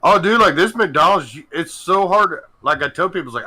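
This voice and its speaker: On a gaming stream, a male host rants through profane, animated stories in casual chat. His voice is fairly high and quick with few pauses, and the audio quality is poor.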